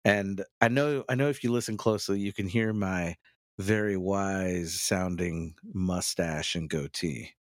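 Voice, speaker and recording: A man's voice: low-pitched, measured pace, dry recording, studio quality. A man co-hosting a podcast, telling self-mocking stories in casual banter. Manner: self-mocking, animated storyteller. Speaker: podcast co-host.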